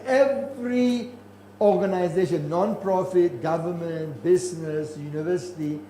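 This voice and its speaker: An older man delivers a keynote in a high, carrying voice. He speaks emphatically, restarting phrases and pressing his points home. The recording is roomy and echoey, with a faint ambient hum. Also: warm tone. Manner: emphatic, repeats and restarts words, rising indignation. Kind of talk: conference keynote lecture.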